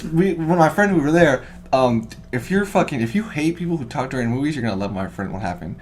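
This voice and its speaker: A man's voice: medium pitch, sing-song, fast talker, hardly any pauses, crowd noise. Rambling, swearing man in casual chat. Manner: rambling, swears a lot, loud when quoting. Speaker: podcast co-host.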